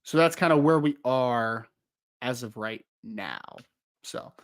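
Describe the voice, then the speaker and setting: A man's voice: mid-range voice, slow pace. A young man co-hosting a live-streamed podcast, chatting casually, rambling and joking, and easily sidetracked. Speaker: podcast co-host.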